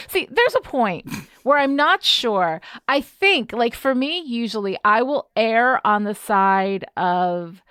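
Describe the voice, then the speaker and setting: A woman from New York State, co-hosting a podcast and telling a story in a lively, self-deprecating way. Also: mid-range voice, no room sound, studio quality. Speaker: podcast co-host. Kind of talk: casual chat.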